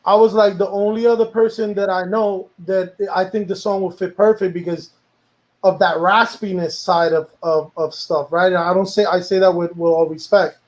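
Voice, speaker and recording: A man's voice: sits high, steady tone, normal speed, rough recording. A man, a music producer, talking casually about making a song, rambling and slipping into Spanish now and then. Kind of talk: casual chat.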